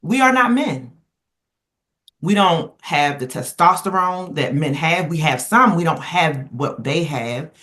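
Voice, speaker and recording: A woman's voice: sits low, unhurried. Emphatic woman telling stories in a roundtable. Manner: emphatic, animated storyteller who rambles and restarts. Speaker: roundtable panelist. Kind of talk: casual podcast roundtable discussion.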